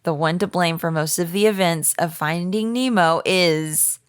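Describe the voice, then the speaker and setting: A woman's voice: on the low side, a little slow, smooth, no room sound, studio quality. A woman co-hosting a podcast, reading out a fan theory in a playful, giggly way. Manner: playful, giggly, tries silly accents. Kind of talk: casual chat, reading a theory aloud.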